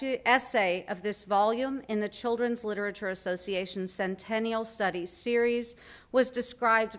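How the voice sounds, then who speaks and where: A woman's voice: medium pitch, a bit bright. Woman reading an award citation. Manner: formal reading with light asides and fillers. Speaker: award presenter. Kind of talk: reading a prepared speech at a banquet. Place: banquet hall.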